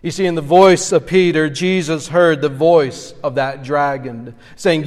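A man's voice: fairly high pitch, normal speed, hardly any pauses. A man preaching a sermon as pastor, earnestly retelling scripture scenes in expository style. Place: church sanctuary. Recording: long church reverb.

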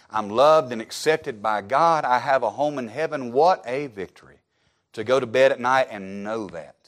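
A man preaching a sermon, emphatic and repetitive, firing off rhetorical questions and dropping to soft, low asides at the ends of phrases.

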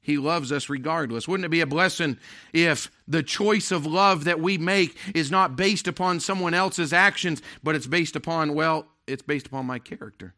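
A man with a fairly high, bright, forceful voice preaches a sermon. He is emphatic, swinging between loud declarations and hushed, intimate asides. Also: moderate pace. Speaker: pastor.

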